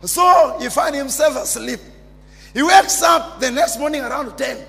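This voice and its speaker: A man preaching a sermon as pastor, emphatic and repetitive, bursting into shouts. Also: very high-pitched, unhurried, creaky. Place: church. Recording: long church reverb with music behind.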